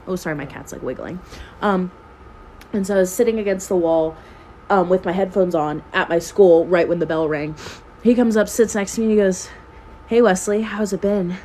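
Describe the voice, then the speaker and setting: A woman's voice: lowish voice, fairly quick, dark tone, a little hiss or hum. A very tired young woman at home telling a messy personal story in casual chat, swearing freely and laughing often. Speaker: storytime vlogger. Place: at home with her cat.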